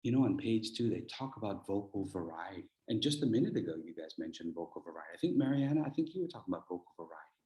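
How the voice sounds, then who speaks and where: A man teaching a speaking workshop with a very lively, swooping voice that swings between sudden loud bursts and near whispers. His voice bounces around an echoey room. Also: sits low, quick pace, few pauses. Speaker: speech coach.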